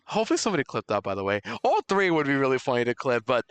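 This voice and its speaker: A young man streaming a game live, chatting with viewers and loudly overreacting to surprises. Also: mid-range voice, sing-song, very fast, clear, resonant tone, no room sound.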